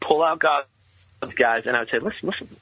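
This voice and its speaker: A man telling a personal story in earnest, halting conversational speech with many restarts. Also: medium pitch, no echo. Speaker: guest telling his story. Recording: tinny, phone-like sound.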